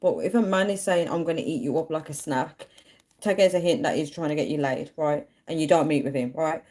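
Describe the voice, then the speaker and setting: A young woman tells a personal story to her livestream viewers. Her voice sits low and mellow, and she talks in an easy, chatty way. She brings the story to life by acting out the voices of the people in it. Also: fairly quick. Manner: chatty, animated, acts out quoted voices. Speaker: live streamer.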